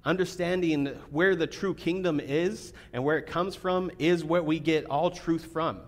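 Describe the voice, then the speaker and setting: A man giving a sermon as a pastor, talking casually with fillers and restarts, then reading scripture more quietly. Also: a little high, steady tone, a little slow. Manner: conversational preaching with fillers, reads scripture quietly.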